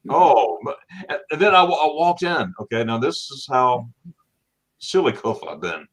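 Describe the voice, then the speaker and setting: A middle-aged man from Florida hosting a casual livestream chat, telling animated stories and acting out what people said with laughs. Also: mid-range voice, normal speed. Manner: animated storyteller, acts out quotes with laughs. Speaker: livestream host.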